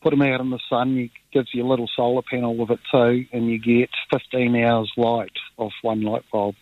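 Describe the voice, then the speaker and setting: Easygoing Kiwi caller on phone line. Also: male voice, mid-range voice, level tone, a little fast, dry recording. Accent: New Zealand. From New Zealand. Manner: easygoing, rambling, repeats words. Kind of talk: phone-in radio call.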